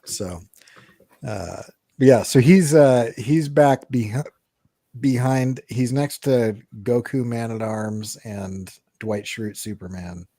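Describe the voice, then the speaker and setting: A middle-aged man co-hosting an art podcast, telling stories in a lively way and laughing often. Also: mid-range voice, takes it slowly, dry recording. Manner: animated storytelling, laughs often. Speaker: podcast co-host, artist. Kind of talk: casual chat.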